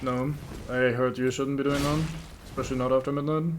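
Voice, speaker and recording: A man's voice: medium pitch, little pitch movement, a little fast, noisy background. Man casually muttering over gameplay. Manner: joking, muttering to himself, swears freely. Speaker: gameplay commentator. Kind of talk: casual let's-play commentary.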